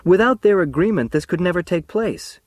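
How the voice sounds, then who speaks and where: An expressive male narrator reads a novel aloud in the first person, earnest and full of feeling. His pitch leaps and dips with lively movement, and the sound is dry and close. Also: fairly quick, dry recording. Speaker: audiobook narrator. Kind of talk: first-person audiobook reading.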